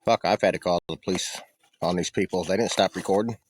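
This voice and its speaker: A man's voice: deep voice, fairly even intonation, fast, no room sound. A man ranting on his livestream in a heated, profane, defensive way. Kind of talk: casual livestream rant.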